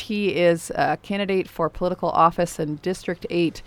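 A man's voice: fairly high pitch, steady tone, moderate pace, a bit bright, smooth. A man hosting a local radio interview, conversational and folksy as he asks a political candidate questions.

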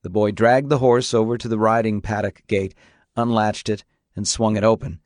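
A man narrating a story in a steady, measured audiobook reading. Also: lowish voice, dry recording, studio quality.

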